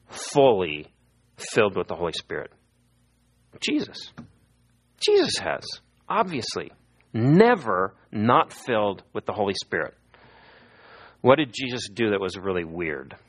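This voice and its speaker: A middle-aged man preaching a sermon as a pastor, telling stories and acting out the people he quotes. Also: lowish voice. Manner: lively storytelling, acting out quoted voices.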